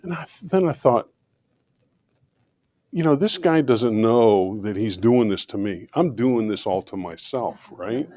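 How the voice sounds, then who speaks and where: A man's voice: mid-range voice, darkish tone, no echo. A man from the congregation telling a personal story animatedly, with restarts and asides. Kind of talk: personal story shared aloud.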